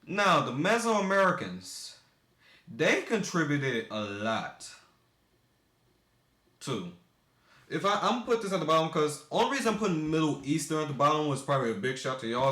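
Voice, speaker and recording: This young video maker from the United States has a fairly high, bright voice with a forceful edge. Recorded in an echoey room, his casual commentary rambles, and he keeps tripping over words and fixing himself partway through sentences.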